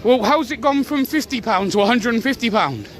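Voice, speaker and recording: High-voiced man arguing outdoors. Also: expressive, brisk, some chatter behind. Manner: argumentative, repeats himself. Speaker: auditor filming officials. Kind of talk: confrontational street filming. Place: city street outdoors. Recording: loud street noise.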